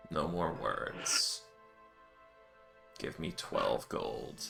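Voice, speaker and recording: A man's voice: a bass voice, lively intonation, extremely slow, vocal fry, pushed and bright, soft background music, exaggerated voice. Man doing a brash, squirrely woman rogue. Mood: brazen.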